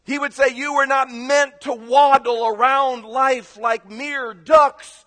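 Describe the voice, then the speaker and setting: A man voicing a fiery male duck preacher who urges his flock to fly, preaching loudly with drawn-out words. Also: very high-pitched, fairly even intonation, in a large hall, pitched above the performer's own voice, exaggerated voice. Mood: fervent.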